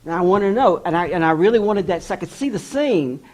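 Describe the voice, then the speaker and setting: Animated man telling a story. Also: sits high, quick pace. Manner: animated storyteller who acts out quoted voices. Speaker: author giving a talk. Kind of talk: storytelling address.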